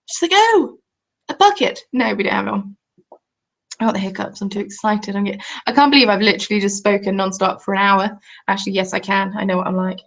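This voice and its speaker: A woman's voice: medium pitch, level tone, fast talker, vocal fry, a bit bright. Girl in her 20s chatting on a craft livestream, rambly, answers the chat. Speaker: craft YouTuber. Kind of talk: live stream chat.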